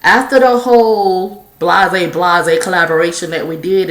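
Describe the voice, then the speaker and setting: A woman with a lowish voice talks at a moderate pace with hardly any pauses, and the sound is reverberant. She's a YouTube vlogger smoking on camera in a candid monologue, telling stories in a blunt, profane, animated way and coughing now and then.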